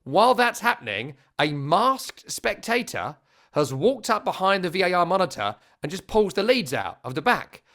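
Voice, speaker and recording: A man over thirty-five co-hosting a casual football podcast, telling jokey, animated stories. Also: high-pitched, normal speed. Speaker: podcast co-host.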